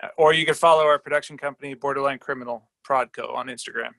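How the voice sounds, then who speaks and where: A man's voice: medium pitch, fairly even intonation, quick pace, bright, forceful tone, no echo. A man appearing as a guest on a comedy podcast over a video call, easygoing and joking.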